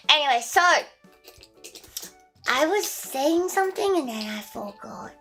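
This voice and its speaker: A woman's voice: sits high, expressive, a little slow, fairly bright tone, faint music behind. A young woman livestreaming, chatting casually with viewers in a playful, giggly, chaotic way with crude jokes.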